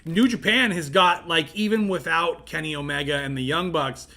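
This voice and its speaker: A man co-hosting a casual podcast, excitable and swearing constantly, shouting when worked up. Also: on the high side, moderate pace, gravelly. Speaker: podcast co-host. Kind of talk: casual chat.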